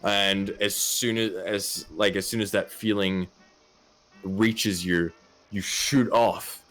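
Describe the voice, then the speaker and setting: A man narrating a tabletop role-playing game as game master, halting with many fillers and restarts. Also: fairly low pitch, fairly even intonation, a bit bright, faint music behind.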